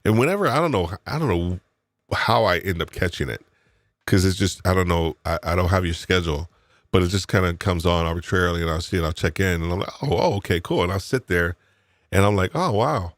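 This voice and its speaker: A man from New York chatting on a live podcast, rambling and animated, often restarting his sentences and laughing. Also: low voice, fairly quick, dry recording, clean studio sound. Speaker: podcast co-host. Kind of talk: casual live podcast chat.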